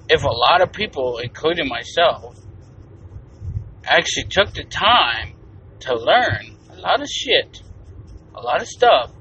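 A man's voice: fairly high pitch, pushed and bright. Profane, blunt man ranting on a podcast. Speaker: podcast host. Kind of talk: casual solo podcast rant. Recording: distant, dull lo-fi mic with faint noise.

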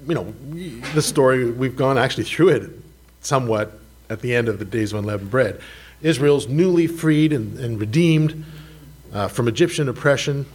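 Husky-voiced man preaching a lively sermon. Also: mid-range voice. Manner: conversational, self-deprecating, asks the congregation questions. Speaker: pastor.

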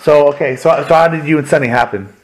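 A man appearing as a wrestling guest on a podcast, telling animated, profane stories in casual chat. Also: fairly high pitch, a little hiss or hum. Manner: fast, profane, animated storytelling.

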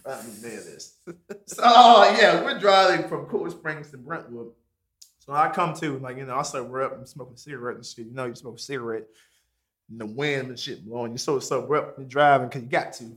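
A young man telling a long story to friends in a casual chat. He swears freely, mumbles his asides and jumps into high squeaky voices when he quotes himself. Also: brisk, a bit bright.

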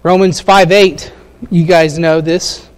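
High-voiced man preaching conversationally. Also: flat delivery, slow, smooth. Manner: conversational preaching with frequent fillers and direct questions to the congregation. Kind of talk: sermon.

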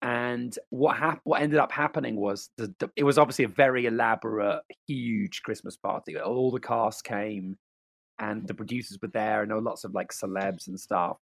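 A man's voice: lowish voice, moderate pace, vocal fry, no echo, clean studio sound. A man co-hosting a podcast, telling a rambling, playful story in casual chat. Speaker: podcast co-host.

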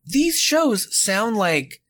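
A man co-hosting a podcast, chatting casually and ranting with animated annoyance. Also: high-pitched, very slow. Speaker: podcast co-host.

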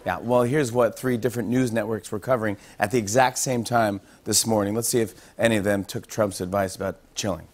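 A man's voice: fairly low pitch, fairly even intonation, brisk, few pauses. A man hosting a late-night talk show, delivering a comedy monologue with punchy, playful emphasis before a live studio audience. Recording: studio audience laughter and noise.

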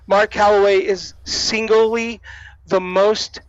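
A man with a notably high voice tells backstage stories with animation, acting out the people he quotes. The audio is dull and lo-fi, but close and dry with no room sound. He speaks as a podcast guest looking back on his career. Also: slow, smooth, no room sound. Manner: animated storyteller who acts out quoted voices. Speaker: wrestling production manager guest. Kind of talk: storytelling anecdotes in a podcast interview.

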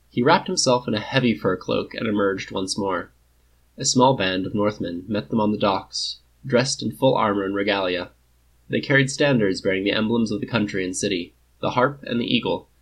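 Low husky male storyteller. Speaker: narrator. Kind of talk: audiobook story reading.

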